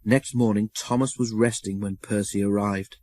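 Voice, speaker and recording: A man narrating a children's storybook in a measured, expressive way on a close studio mic. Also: on the low side, no echo.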